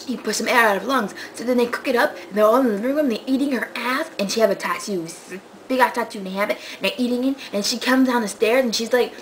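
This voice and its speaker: A young woman vlogging casually, telling a story in a rambling, excitable way with lots of fillers, swinging between loud outbursts and muttered asides. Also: a little high, fast, slight background noise, rough recording. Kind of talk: casual vlog chat.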